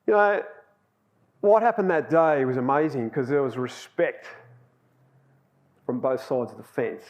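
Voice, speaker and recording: A man's voice: mid-range voice, a little slow, darkish tone. A man giving a sermon, telling personal stories in a chatty way and laughing at himself. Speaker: lay preacher.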